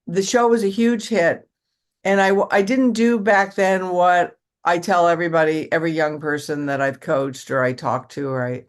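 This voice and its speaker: An older woman, an actress, chatting in an interview and telling rambling stories full of restarts and acted-out quotes. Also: sits low. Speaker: actress guest. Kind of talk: casual interview storytelling.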